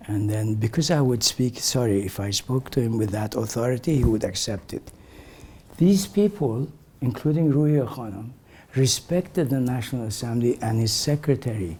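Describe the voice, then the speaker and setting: An older man recalling memories for a gathering in a slow, reflective way, his voice often sinking to a soft, breathy near-whisper. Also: medium pitch. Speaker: community elder sharing memories. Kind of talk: reminiscing talk to a gathering.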